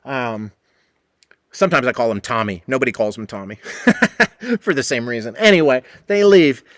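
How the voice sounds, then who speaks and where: A man's voice: medium pitch, lively intonation, moderate pace, a bit bright, dry recording. A man hosting a podcast who tells a rambling, profane story from behind the bar and acts out the people in it. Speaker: podcast host and bartender. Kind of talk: casual storytelling monologue.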